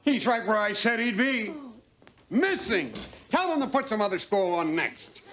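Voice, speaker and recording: An actor playing a pompous, irritable school official who mutters threats and then bursts into shouting, in sitcom acting. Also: male voice, sits high, expressive, measured pace, slight background noise. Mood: exasperated. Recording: sitcom track with audience laughter.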